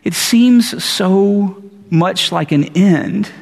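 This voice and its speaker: A man preaching a casual, animated sermon, full of playful asides and stumbling restarts. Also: high-pitched, drawn-out words, creaky, big-room sound. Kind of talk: conversational sermon.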